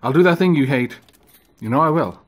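A man's voice: on the high side, expressive, fairly quick. A man voicing his bratty, sleepy female pet ferret, in a whiny and pleading tone. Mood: demanding.

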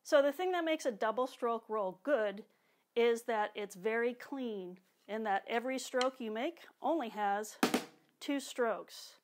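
Over loud drumming, a woman drum teacher with a fairly high voice explains a technique at an unhurried pace. Her instructional demonstration is clear and patient, and now and then she vocalizes the drum strokes.

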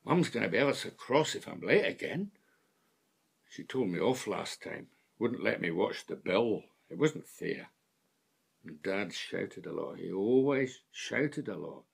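A man's voice: on the low side, big pitch swings, a little slow, creaky, slightly rough, full character voice. An actor playing an older man with dementia who talks like a child, confused and repeating himself. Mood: aggrieved. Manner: childlike pleading, repeats words. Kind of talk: stage drama acting.

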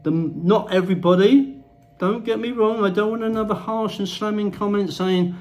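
A man's voice: high voice, moderate pace, a little mellow, poor audio. A man delivering a blunt, crude ranting monologue to camera as a vlogger. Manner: blunt, crude, swears freely.

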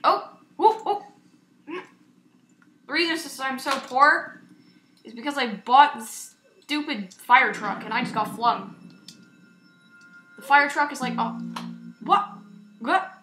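A young woman giving casual, excitable gameplay commentary as a YouTuber, chatty and self-mocking. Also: high voice, takes it slowly, pauses often, faint music behind. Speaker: gaming YouTuber. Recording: echoey room with faint noise.

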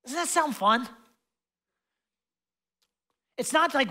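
A young adult man preaching a sermon as pastor in a loose, conversational way, full of fillers and asides, and passionate as he swings between loud stretches and hushed ones. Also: very high-pitched, lively intonation, a little fast, few pauses.

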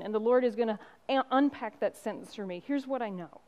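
A middle-aged woman pastor giving a sermon, telling stories and driving points home with emphatic pauses. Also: fairly high pitch, a little mellow, muffled recording. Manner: impassioned preaching with storytelling and emphatic pauses.

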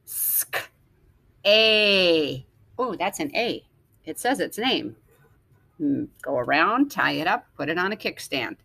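A woman teacher slowly sounding out letters and words for young children in a phonics lesson. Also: fairly low pitch, animated, creaky, sharp tone, dry recording. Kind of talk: early-reading phonics lesson.

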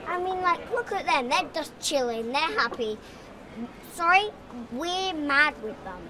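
A person speaking in a mock-grumpy, deadpan way in a street interview. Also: high-pitched, measured pace, recorded from a distance, crowd noise.

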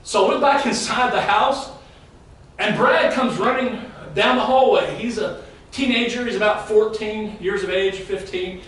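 A man's voice: high-pitched, unhurried, fairly bright tone. A middle-aged man preaching a sermon as pastor, telling a story in a conversational way and speaking to the congregation. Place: large church sanctuary. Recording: very echoey hall, mic far off.

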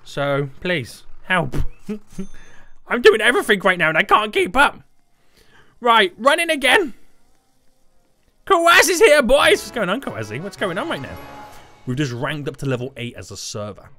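A young man giving excitable, jokey commentary over gameplay, talking to chat and teammates. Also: a little high, moderate pace, soft background music. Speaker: gaming YouTuber. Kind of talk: energetic Roblox gameplay commentary.

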